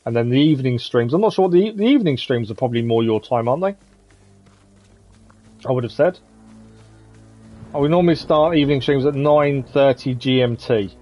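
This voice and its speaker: A man's voice: medium pitch, a little fast, pauses often, warm tone, faint music behind. A man hosting a live gaming stream, chatting casually with viewers and commenting on the game. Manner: chatty, friendly, reads chat aloud, says "to be fair" often.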